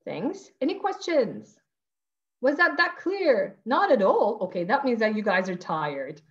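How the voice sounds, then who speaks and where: A woman teacher trainer giving a lively, emotional webinar presentation and answering audience questions over a video call. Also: fairly high pitch, measured pace, lo-fi sound. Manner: animated and emotional, warmly addresses the audience. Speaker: teacher trainer presenting at an online education conference.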